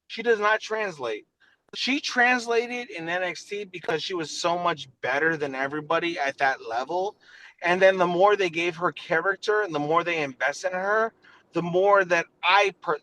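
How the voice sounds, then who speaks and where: A man with a New York accent co-hosting a podcast, talking in animated, profane casual chat and cutting across the others. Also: high voice, moderate pace, low-quality recording. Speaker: podcast co-host.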